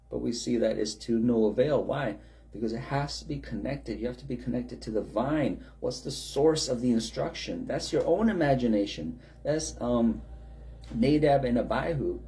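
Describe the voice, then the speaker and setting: Mellow-voiced male preacher. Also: mid-range voice, vocal fry. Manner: conversational, asks rhetorical questions, acts out quotes. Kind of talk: sermon.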